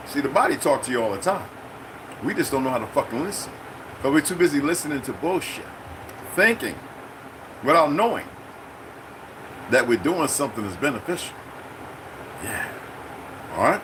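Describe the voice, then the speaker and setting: A man's voice: mid-range voice, animated, normal speed, long pauses, background noise. A middle-aged man hosting his own channel, ranting unscripted, profane and confrontational. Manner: mimics other people in quoted exchanges. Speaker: channel host. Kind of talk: unscripted political rant.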